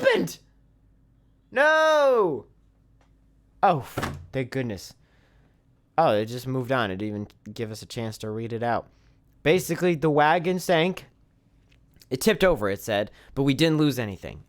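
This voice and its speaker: A man casually commentating a game stream, reading the on-screen text aloud and joking at his own expense. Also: medium pitch. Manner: self-deprecating, reads game text aloud. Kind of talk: casual let's-play commentary.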